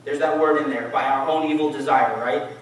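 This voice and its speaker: A man's voice: medium pitch, steady tone, a little fast, a little hiss or hum. Man preaching in an echoey hall. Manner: casual, conversational preaching with audience questions. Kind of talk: sermon. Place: church hall. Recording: echoey church hall, mic from far off.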